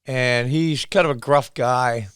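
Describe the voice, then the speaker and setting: A man's voice: mid-range voice, takes it slowly, a bit bright, smooth, no echo, studio quality. A man hosting his own channel, casually retelling a series scene by scene with quoted lines. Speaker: show host.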